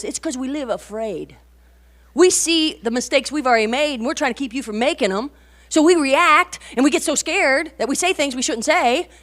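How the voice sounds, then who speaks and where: Woman, 40s, conversational sermon speaker; animated anecdotes, rhetorical asides, emphatic peaks. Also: high-pitched. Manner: animated storytelling, rising to emphatic bursts. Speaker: women's conference speaker. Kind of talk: conversational sermon to mothers and teens.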